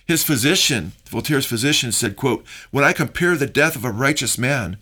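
A middle-aged male radio host and pastor talks in an earnest, sermon-like way. His voice sits at an ordinary middle pitch. He leans on fillers and pushes higher and louder when he stresses a point. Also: expressive, normal speed, slightly rough. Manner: earnest preaching tone with many fillers, rising when quoting. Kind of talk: radio talk show monologue.

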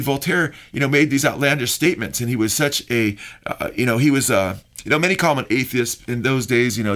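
A middle-aged male radio host and pastor talks in an earnest, sermon-like way. His voice sits at an ordinary middle pitch. He leans on fillers and pushes higher and louder when he stresses a point. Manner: earnest preaching tone with many fillers, rising when quoting. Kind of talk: radio talk show monologue.

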